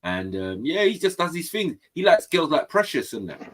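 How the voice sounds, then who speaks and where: A man's voice: a little high, moderate pace. A man from England, telling stories in casual chat and acting out the voices of people in them. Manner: animated, acts out voices in his stories. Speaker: guest on a panel stream.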